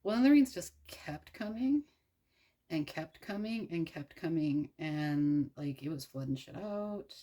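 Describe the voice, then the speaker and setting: A young adult woman from the United States retells an old story while working with her hands, irreverent and profane. Her voice sits low and has a husky edge. She rambles with lots of fillers and asides. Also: expressive, a little slow, mellow. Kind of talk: casual storytelling while crafting.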